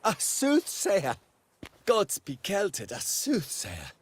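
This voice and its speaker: A man voicing a flattering, theatrical merchant in a video game. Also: high voice, slow, a little hiss or hum, heavily acted. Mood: eager.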